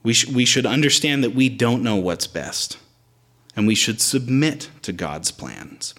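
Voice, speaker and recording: A man's voice: mid-range voice, expressive, a little slow, fairly bright tone. A man preaching a sermon, explaining the Greek words in the text as he teaches.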